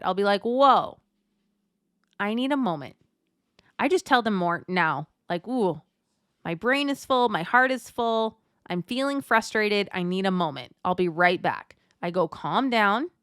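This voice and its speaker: A woman's voice: a little high, a bit bright, no echo, studio quality. A woman life coach, likely in her thirties, giving a direct, encouraging talk to mothers. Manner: encouraging, direct, addresses listener as friend. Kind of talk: motivational talk to listeners.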